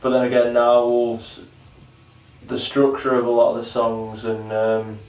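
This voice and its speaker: A man talks in an even, flat voice, earnestly rambling through his praise for a band. He sounds distant and roomy. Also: medium pitch, a little slow. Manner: earnest, rambling enthusiasm with restarts. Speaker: vlog co-host reviewing albums. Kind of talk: casual chat.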